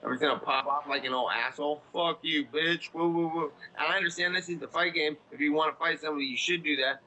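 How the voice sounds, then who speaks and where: Blunt, profane man, bright tense voice. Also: on the high side, racing, a little hiss or hum, poor audio. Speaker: interview guest. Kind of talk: casual interview talk.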